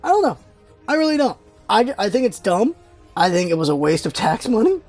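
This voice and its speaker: An American vlogger talking casually and rambling, jumping high in pitch when exasperated. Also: sing-song, a little fast, a little mellow, soft background music. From United States. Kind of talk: casual opinion vlog.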